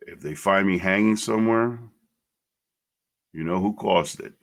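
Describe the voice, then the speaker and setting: A middle-aged man with a very deep, gravelly voice hosts his own podcast. He tells his story in a blunt, emotional monologue and swears freely. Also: a little slow. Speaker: podcast host.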